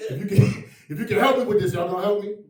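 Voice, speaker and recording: A man's voice: high-pitched, quick pace, recorded from a distance. A man doing stand-up comedy at a private party, chatting and laughing with the crowd as he goes. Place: private mansion home. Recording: echoey room, mic from afar.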